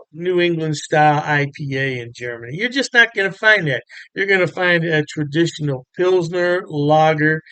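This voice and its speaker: A man's voice: fairly high pitch, pushed and bright, smooth, no echo. A man giving a casual, chatty beer review to camera, upbeat and full of fillers.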